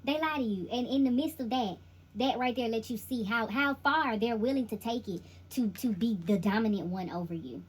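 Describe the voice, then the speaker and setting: Husky higher-voiced woman reading tarot. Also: normal speed, rough recording. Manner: emphatic and repetitive, addresses the listener directly; informal slangy delivery. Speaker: intuitive tarot reader. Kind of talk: casual spoken tarot reading to viewers.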